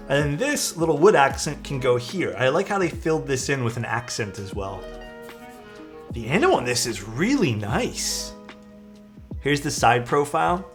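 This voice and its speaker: A man casually chatting as a live streamer while building a keyboard, rambling and relaxed, often saying "dude". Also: fairly high pitch. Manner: laid-back, rambling, peppered with "dude" and "like".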